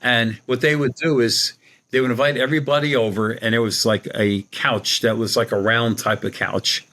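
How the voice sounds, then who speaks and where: A man's voice: mid-range voice, fairly even intonation, normal speed, pushed and bright. A man guest, a psychic medium, telling a rambling personal story in a casual way and retelling what people said. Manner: rambling, retells dialogue with "she goes".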